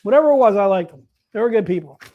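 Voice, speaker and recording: A man's voice: sits high, animated, very fast, narrow, tinny audio. A man hosting a live sales stream, chatting casually and upbeat, calling everyone "dude.". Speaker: livestream sales host.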